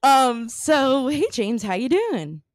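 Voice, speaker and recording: A woman's voice: sits high, big pitch swings, slow pace, no room sound, clean studio sound. A young woman hosting a casual podcast chat, bubbly and laughing often. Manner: bubbly, laughs often, puts on silly accents. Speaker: podcast host.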